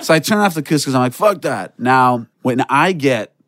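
A man telling a comic story on a podcast in an animated way, acting out voices with shouts and laughter. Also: mid-range voice, brisk.

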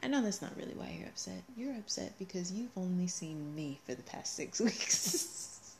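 A woman chatting casually as a co-host, telling family stories in an animated way and laughing often. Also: fairly low pitch, moderate pace, vocal fry, slight background noise. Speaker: co-host, mother. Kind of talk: casual chat.

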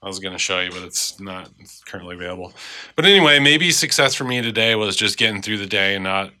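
A man with a very bright, forward tone and a slightly low pitch, sounding stuffed up from a cold. He co-hosts a podcast and chats casually, thinking out loud and letting his sentences trail off softly. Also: lively intonation, fast. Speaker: podcast co-host.

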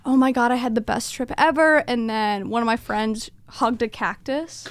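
A woman's voice: fairly high pitch, normal speed, clean tone, no room sound. A woman co-hosting a podcast, chatting casually and trailing off mid-thought. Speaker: podcast co-host. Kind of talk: casual chat.

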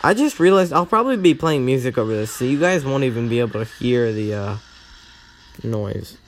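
A young man rambling to himself while playing a mobile game, self-mocking and given to excitable outbursts, recorded on a phone. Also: mid-range voice, fairly quick, a little hiss or hum. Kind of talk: casual gameplay commentary.

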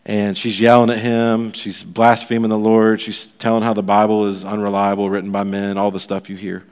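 A pastor giving a sermon, telling a story in a loose, conversational way full of fillers. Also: male voice, fairly low pitch, level tone, moderate pace, darkish tone, smooth, long reverb tail.

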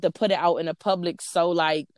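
A woman with a lowish voice chats casually, animated and full of profanity. She acts out quoted lines and keeps calling people "honey." The sound is close and dry, with no room echo. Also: brisk. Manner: calls listener "honey" and "child". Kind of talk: casual chat.

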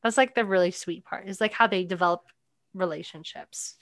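A woman's voice: lowish voice, brisk, no room sound. Chatty young woman podcast host. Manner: chatty, lots of "like" fillers. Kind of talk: casual chat about a movie.

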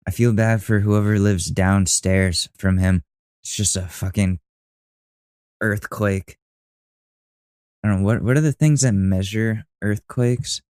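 A man's voice: lowish voice, takes it slowly, pauses often, darkish tone, clean tone, no echo, clean studio sound. A young man hosting a podcast, reacting to a video with mocking, profane, rambling commentary. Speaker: podcast host.

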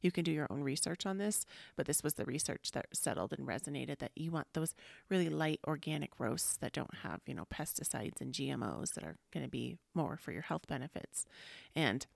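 A woman hosting a casual spiritual talk podcast, rambling and chatty, sometimes dropping to a soft near-whisper. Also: low-pitched, animated, fairly quick, creaky, no echo. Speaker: podcast host.

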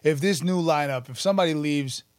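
A man, telling stories about his past in an animated, profane, casual interview. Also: fairly high pitch, a little fast, no room sound. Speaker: podcast guest, musician and actor.

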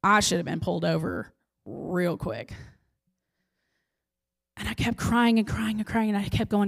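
A woman shares an emotional faith testimony at a middle pitch. She tells it earnestly and with heartfelt intensity, leaning on dramatic pauses. Her voice sometimes sinks almost to a whisper. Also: creaky. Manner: earnest storytelling that drops to near-whispers. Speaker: speaker giving a personal testimony.

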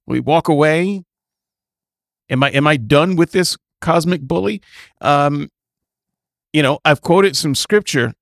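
A man with a slightly raised voice, talking very slowly in a flat, sarcastic, mocking way. The sound is dry and close, with no room echo. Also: on the high side. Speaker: commentator. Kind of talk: reaction commentary.

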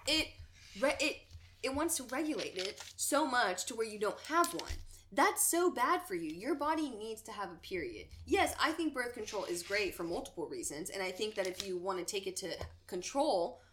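Bright-voiced young woman, frank podcast co-host. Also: mid-range voice, expressive, normal speed, slight background noise. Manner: frank, swears freely, laughs often. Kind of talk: casual chat.

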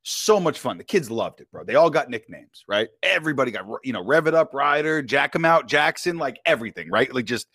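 Animated, slangy man telling a story. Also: mid-range voice, a little fast, hardly any pauses, breathy edge, no room sound, clean studio sound. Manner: animated, slangy, keeps saying "bro" and "you know what I mean". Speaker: podcast guest. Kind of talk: casual storytelling chat.

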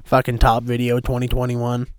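A man's voice: medium pitch, monotone, normal speed, clean tone, no echo. A man hosting his own podcast, brash and swearing constantly in loose banter. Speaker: podcast host. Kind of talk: crude casual podcast banter.

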